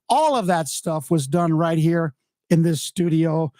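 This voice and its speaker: A man's voice: fairly high pitch, a little slow, dark tone, no room sound. Rambling, chatty male streamer. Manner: rambling, self-deprecating, chatty. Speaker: host of a music podcast and live stream. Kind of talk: casual unscripted live stream. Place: home studio. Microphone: headphones on, desk mic.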